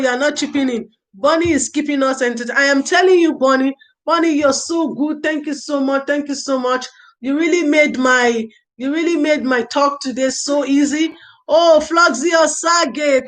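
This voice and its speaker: A woman hosts a casual livestream about early years parenting. Her voice sits high. She reads out viewer comments, thanks people by name, and gives earnest advice in which she repeats her key phrases. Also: fairly even intonation, normal speed, rough recording. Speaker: livestream host.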